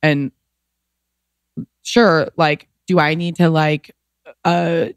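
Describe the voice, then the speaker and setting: A woman's voice: sits low, steady tone, drawn-out words, no echo. Emotional woman telling a personal story. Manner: emotional, rambling, heavy use of "like". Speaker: podcast guest.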